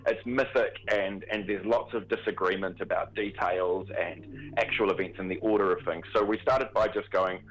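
A man talking as a theatre performer on a radio interview, chatty and animated with plenty of fillers. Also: low voice, normal speed, a little hiss or hum, rough recording. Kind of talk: interview guest.

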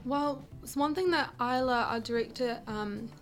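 A woman stage actor who is a guest on a studio radio interview, answering in a relaxed, low-key way. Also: normal speed, faint music behind.

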